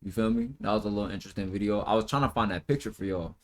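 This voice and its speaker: Profane, slangy streamer with a lowish voice. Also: male voice, steady tone, racing. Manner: loose and profane, full of slang fillers; breaks into high mocking impressions. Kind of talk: casual reaction-stream rant.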